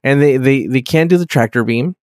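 A man in his own casual chat voice, rambling through a story with lots of swearing and quick laughs. His voice sits at a middle pitch. The sound is dry and close, with no room around it. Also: dry recording. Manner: rambling, profane, laughs often.

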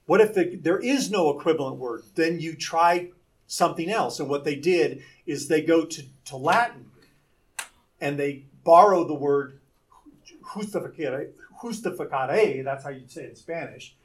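A man's voice: a little high, normal speed, recorded from a distance. A man teaching a Bible lesson, explaining words by asking rhetorical questions.

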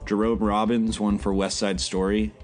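Low-voiced man in easygoing quiz chat. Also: flat delivery, normal speed, darkish tone, soft background music. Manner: easygoing, reads lists plainly.

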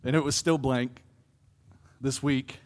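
An earnest young man preaches a personal testimony from the pulpit, his voice sitting at an ordinary middle pitch. He swells from quiet reflection into impassioned, louder pleas. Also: fairly even intonation, takes it slowly, a little hiss or hum. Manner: earnest, building to impassioned pleas with fluctuating loudness. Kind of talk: sermon testimony.

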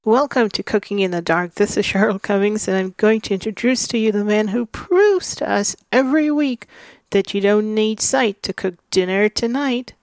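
A woman's voice: mid-range voice, moderate pace, no echo. A woman co-hosting a cooking show, chatting casually and laughing easily. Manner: giggly, animated storytelling. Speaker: co-host. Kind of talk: casual chat.

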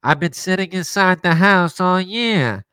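A man's voice: high voice, lively intonation, measured pace, pushed and bright, clean tone, no echo, voice pushed up, heavily acted. A man putting on a whiny radio host. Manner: whining, exasperated, complaining. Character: whiny middle-aged male radio host, self-pitying.

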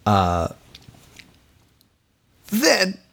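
Alone at the mic, a man reviews films on a casual podcast, venting and rambling with plenty of fillers while his high, gravelly voice swoops up and down. He drags out his words and comes across as exasperated, not calm.

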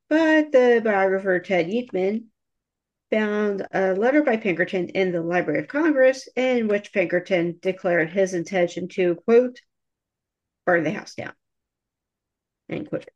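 A woman's voice: medium pitch, a little mellow, dull audio. A woman co-hosting a casual history podcast, reading from notes with wry asides. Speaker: podcast co-host.

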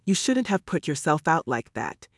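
A man's voice: fairly high pitch, very animated, moderate pace, no echo, studio quality. A man reading the part of a gossipy older village lady, sugary and falsely sympathetic in an audiobook.

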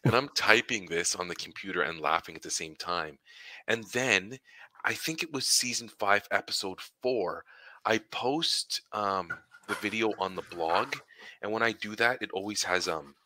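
A man's voice: lowish voice, expressive, measured pace, bright, forceful tone. A man in his forties co-hosting a podcast, telling rambling stories in casual chat and laughing often. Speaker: podcast co-host.

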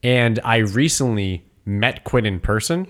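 A man hosting a podcast in casual chat, relaxed and swearing freely. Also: medium pitch, unhurried. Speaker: podcast host.

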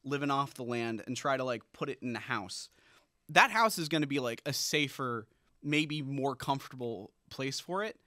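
A man's voice: medium pitch, expressive, moderate pace, pushed and bright, dry recording, clean studio sound. A young man chatting casually as a podcast co-host, rambling through jokey ideas with lots of stammered restarts. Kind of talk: casual comedic chat.

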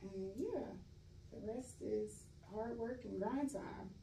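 Young actress guest, mellow and candid, roomy off-mic sound. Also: female voice, fairly high pitch, slow pace, gravelly. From California. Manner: laid-back, candid, laughs often. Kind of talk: casual interview chat. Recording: roomy echo, voice a bit far from mic, faint noise.

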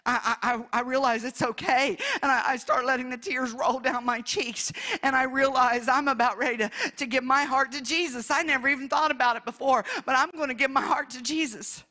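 A woman preaching in a church, telling her testimony with emotion, moving between hushed passages and loud ones. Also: high-pitched, fairly even intonation, a little fast, few pauses. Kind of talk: testimony sermon.

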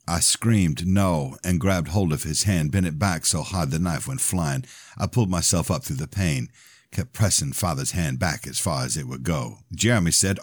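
A man reading his own novel aloud as a podcast host, in steady, even first-person narration. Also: very deep voice, moderate pace, dry recording, studio quality.

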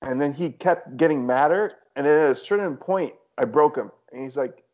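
A man telling a story in a relaxed, wry conversational way. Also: mid-range voice, fairly quick, gravelly, few pauses. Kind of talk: casual conversation. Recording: dull lo-fi audio.

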